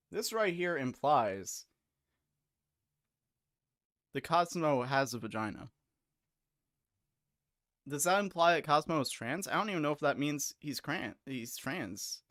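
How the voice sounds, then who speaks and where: A man's voice: fairly high pitch, fairly bright tone, dry recording, clean studio sound. Rambling, crude young male streamer. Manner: rambling, crude and slangy, quick asides. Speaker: streamer host. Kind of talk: casual live-stream chat.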